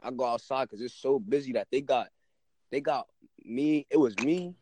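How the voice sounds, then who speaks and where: A man's voice: mid-range voice, moderate pace, mellow, a little hiss or hum. A young man telling a story in casual chat, laid-back and rambling, often restarting his sentences.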